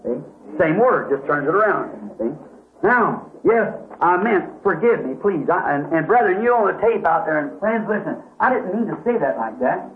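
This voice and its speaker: A man's voice: high-pitched, big pitch swings, moderate pace, echoey room. A man preaching a question-and-answer sermon in a folksy way, often asking "see?" and correcting himself. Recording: tinny lo-fi old tape with hiss.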